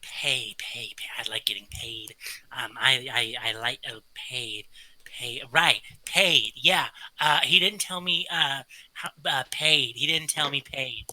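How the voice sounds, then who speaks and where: A man's voice: mid-range voice, slow pace, sharp tone, poor audio. A man doing a stammering little kobold. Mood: flustered. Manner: stammering, scatterbrained, repeats words. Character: small excitable male kobold errand-runner.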